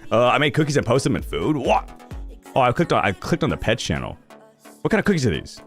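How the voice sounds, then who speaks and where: A man's voice: medium pitch, wildly swooping pitch, fast talker, soft background music. A young man streaming live, chatting casually with his viewers, ranting animatedly and swearing freely.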